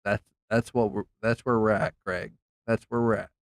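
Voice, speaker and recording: A man's voice: lowish voice, little pitch movement, normal speed, creaky, dry recording. A man streaming a game, telling a rambling story in a heated, profane way, with many restarts. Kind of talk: casual ranting story while gaming.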